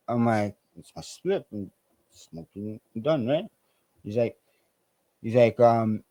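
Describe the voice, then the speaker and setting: Speaking slowly with frequent pauses, another telling finds this podcast guest in a mid-range voice, loose and profane as he animatedly impersonates the characters in his stories. There's no room sound, and the recording quality is low.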